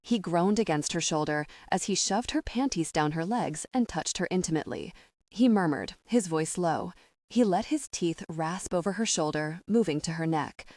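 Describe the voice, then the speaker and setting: A woman narrating a romance audiobook in a steady, even read. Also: fairly low pitch, normal speed, dry recording, studio quality.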